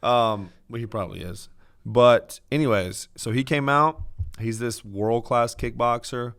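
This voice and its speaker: Smooth-voiced man recapping fights casually. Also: medium pitch, unhurried. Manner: relaxed, recaps fights in long runs. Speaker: podcast co-host. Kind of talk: casual chat.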